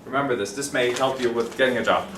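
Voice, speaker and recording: A man teaching an English class, animated, repeating phrases slowly and clearly for his students. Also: medium pitch, slight background noise. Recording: roomy classroom from a distance.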